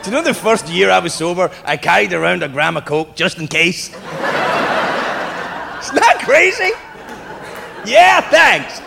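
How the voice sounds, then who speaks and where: A male stand-up comedian telling stories on stage to a live audience, profane, animated and self-mocking. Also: on the high side, fast, gravelly, background noise. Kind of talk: stand-up storytelling. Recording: reverberant hall with loud crowd laughter.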